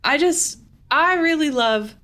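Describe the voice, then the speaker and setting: Young female podcast co-host, slow easy delivery, giggly, agreeable short replies. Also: high voice, lively intonation, bright, forceful tone. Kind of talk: casual chat.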